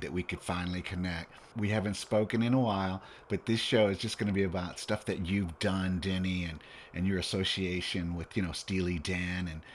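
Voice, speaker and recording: A man's voice: low-pitched, a little hiss or hum. A man hosting a radio interview show, talking in an enthusiastic, slangy way to his guest. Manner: enthusiastic, slangy, calls guest dude and bro.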